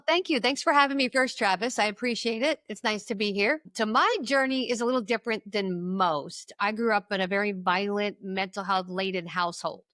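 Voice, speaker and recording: A woman's voice: mid-range voice, fairly quick, hardly any pauses, fairly bright tone, dry recording, studio quality. A woman in her forties, an addictions coach, telling her personal story in a podcast interview and acting out the people she quotes.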